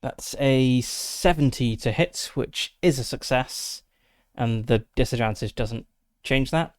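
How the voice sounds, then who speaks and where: A man's voice: mid-range voice, takes it slowly, dry recording. A man casually narrating his solo tabletop game, methodically thinking aloud through dice rolls and rules with frequent fillers, into a close desk mic.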